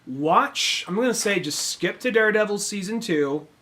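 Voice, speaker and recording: A man co-hosting a podcast in casual chat, animated and quick to act out characters as he talks. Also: sits high, a little hiss or hum. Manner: animated, acts out characters mid-sentence. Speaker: podcast co-host.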